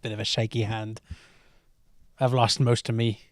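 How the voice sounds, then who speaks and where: A man putting on the voice of a frail, aging male rock star, speaking in a quiet, doddering mock British drawl. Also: lowish voice, little pitch movement, normal speed, close to an everyday voice.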